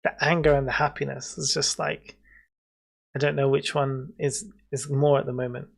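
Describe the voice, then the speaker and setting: A man's voice: mid-range voice, level tone, normal speed, gravelly. A British man chatting with his viewers in a jokey, rambling way while he plays a game. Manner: jokey, rambling banter with chat. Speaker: streamer. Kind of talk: casual livestream chat.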